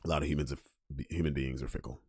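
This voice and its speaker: A man hosting a podcast, ranting casually, swinging from loud emphasis to low mutters. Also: fairly even intonation, fast, husky, dry recording, clean studio sound. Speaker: podcast host. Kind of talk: casual monologue rant.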